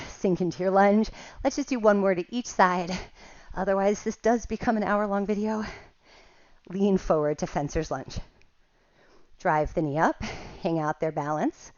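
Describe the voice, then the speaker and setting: A woman leads a home Pilates class, calling out moves and counts in a lowish voice. She sounds a little short of breath and now and then laughs at herself. The sound is dull and dry. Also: no echo. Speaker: Pilates instructor. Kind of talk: guided workout instruction.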